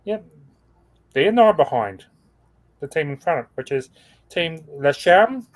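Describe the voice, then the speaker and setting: A man's voice: on the high side, sing-song, measured pace, a little mellow. A man co-hosting a casual livestream over a video call, talking through team standings and stumbling over names. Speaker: co-host reading team standings.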